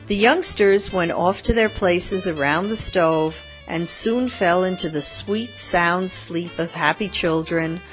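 Woman narrator, storybook reading, calm and measured, fairly low voice, faint music behind.

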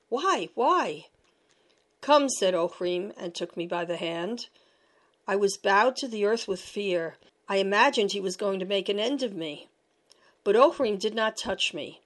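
A woman narrates a storybook tale in a measured, expressive reading voice. Her pitch sits in an ordinary middle range.

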